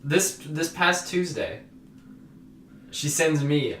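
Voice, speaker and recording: A young man co-hosting a podcast, telling a story in animated casual chat and reading out messages. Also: a little high, unhurried, distant mic. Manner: animated, reads out messages with bursts of laughter. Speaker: podcast co-host. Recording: roomy echo, a bit off-mic, faint noise.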